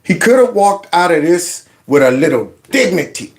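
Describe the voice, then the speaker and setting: Animated, slangy male commentator. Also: sits high, normal speed. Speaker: commentary channel host. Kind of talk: casual political commentary.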